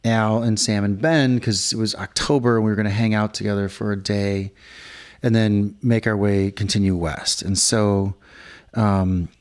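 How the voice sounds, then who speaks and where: A man's voice: fairly low pitch, steady tone, normal speed, clean tone. A middle-aged man co-hosting a casual podcast chat, rambling through a story and acting out what others said. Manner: rambling storyteller, acts out quotes. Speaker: podcast co-host. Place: hotel room.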